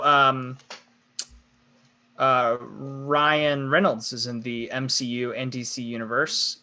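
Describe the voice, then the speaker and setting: A man's voice: medium pitch, bright, forceful tone. A young man co-hosting a live podcast, chatting casually, laughing often and reading chat comments aloud. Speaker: podcast co-host.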